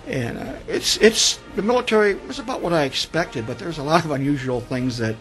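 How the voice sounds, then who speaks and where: A man's voice: fairly high pitch, lively intonation, a little fast, fairly bright tone, soft background music, rough recording. A man in his sixties, a veteran guest on a radio interview, telling his stories in a rambling way and often repeating words. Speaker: guest, Vietnam veteran author. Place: radio studio.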